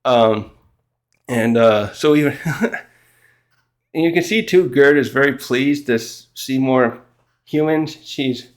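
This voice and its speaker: Brief: male manga reviewer, loose halting recap, mid pitch, laughs a lot, voices characters in quotes. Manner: rambling, halting, laughs often, acts out characters' lines. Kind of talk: casual chapter recap.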